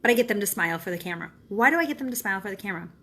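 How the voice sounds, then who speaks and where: Chatty encouraging mom, "right?" tag. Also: female voice, mid-range voice, expressive, rapid-fire, bright, forceful tone. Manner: chatty, ends phrases with a questioning "right?"; earnest and encouraging. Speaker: mother and wellness speaker. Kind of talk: casual live-video talk to followers.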